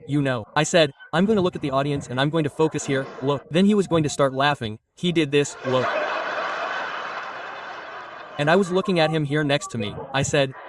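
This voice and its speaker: A man in his thirties from Brazil doing stand-up, telling an animated story and acting out the lines of the people in it. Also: on the high side. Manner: animated, acts out quotes, swears casually. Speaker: stand-up comedian. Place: comedy stage with live audience. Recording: distant stage mic, audience noise.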